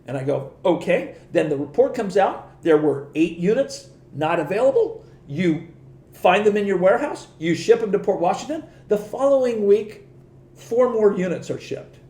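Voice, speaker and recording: A middle-aged man telling stories on a podcast in a casual, animated way, laughing often and acting out the voices of the people he quotes. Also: high-pitched, moderate pace, reverberant. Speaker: podcast guest. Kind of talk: casual storytelling.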